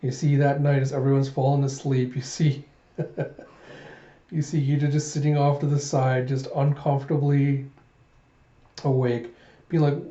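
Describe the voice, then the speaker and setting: A man's voice: mid-range voice, flat delivery, a little slow, long pauses, warm tone, echoey room, dull audio. A man casually recapping a manga, narrating scenes and acting out the characters' lines. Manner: recaps with "he's like", acts out lines. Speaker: manga reviewer. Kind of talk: casual comic readthrough.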